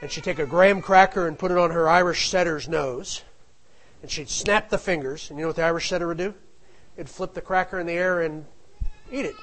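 A middle-aged man's slightly high, somewhat bright voice moves fairly quickly as he tells a family anecdote. It's casual and rambling, full of digressions and asides, and the recording is rough.

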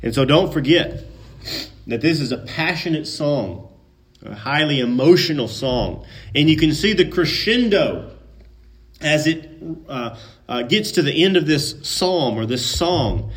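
A man preaching a sermon. He swings between loud, emphatic peaks and quiet asides, in a folksy, conversational way. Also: on the high side, lively intonation, unhurried. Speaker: pastor.

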